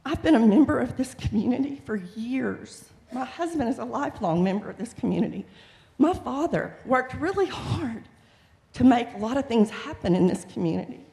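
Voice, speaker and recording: A woman's voice: fairly high pitch, animated, moderate pace, creaky, warm tone. A middle-aged woman making an impassioned, pleading public comment at a city council meeting. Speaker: resident speaking at public comment. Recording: reverberant council chamber.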